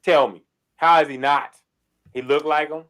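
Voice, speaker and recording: A man with a high voice riffs in a casual sports podcast chat. He talks in animated bursts that turn loud, and he swears freely. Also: moderate pace. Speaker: podcast co-host.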